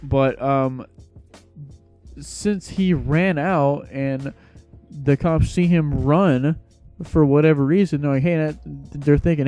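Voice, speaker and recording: A man's voice: fairly high pitch, slow, mellow, faint music behind. A young man casually telling a storytime tale in a slangy, rambling, laid-back way.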